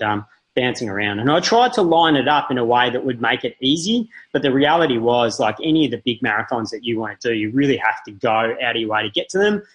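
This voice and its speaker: A middle-aged man, a marathon runner and podcast guest, telling travel stories animatedly and acting out quotes in high voices. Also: fairly bright tone, slightly rough, poor audio. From Australia. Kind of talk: casual storytelling.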